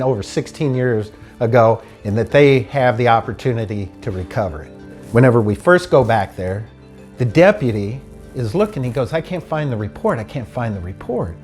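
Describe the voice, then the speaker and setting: A man's voice: medium pitch, darkish tone. A man casually telling a personal story, acting out what each person said in turn. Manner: acts out dialogue, quoting each person in turn. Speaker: storyteller recounting his stolen car. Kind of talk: casual spoken anecdote.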